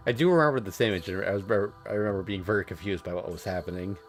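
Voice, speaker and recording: A man streamer chatting casually about a visual novel, relaxed with chuckles. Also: deep voice, rapid-fire, soft background music.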